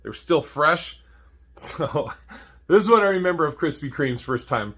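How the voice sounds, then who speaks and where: A man's voice: fairly high pitch, expressive, moderate pace, fairly bright tone, husky. A man telling comedic stories to camera, swearing freely and laughing at his own jokes.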